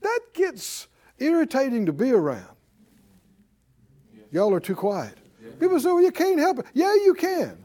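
Guy preaching to his church, high voice that jumps around a lot, keeps asking the room questions. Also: dark tone. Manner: conversational preaching, calls out to congregation. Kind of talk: sermon.

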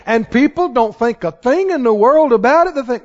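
A man's voice: very high-pitched, expressive, moderate pace, hardly any pauses. A man preaching a sermon as pastor, folksy and emphatic, building to exhortation, recorded in a church sanctuary. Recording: dull, reverberant church hall recording.

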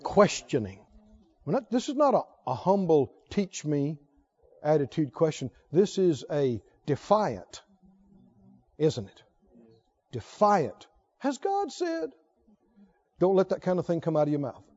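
A man's voice: fairly high pitch, sing-song, unhurried, darkish tone, muffled recording. A male pastor preaching emphatically, often putting questions to his congregation. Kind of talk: sermon.

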